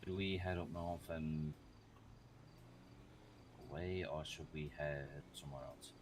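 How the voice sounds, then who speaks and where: Very deep-voiced man, terse roleplay remarks. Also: fairly even intonation, takes it slowly, background noise. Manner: terse, clipped, swearing. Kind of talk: in-character roleplay chat.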